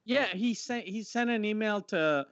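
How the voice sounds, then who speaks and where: A man's voice: high voice, unhurried, a bit bright, dry recording. A man co-hosting a comedy podcast, telling stories in loose, rambling, profane chat. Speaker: podcast co-host. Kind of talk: casual comedic banter. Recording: dull lo-fi audio.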